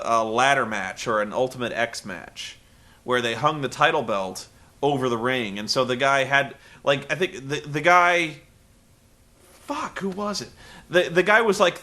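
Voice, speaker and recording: A man's voice: mid-range voice, sharp tone. A man hosting a casual, rambling recap of a wrestling show. He is profane and sarcastic. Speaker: podcast host.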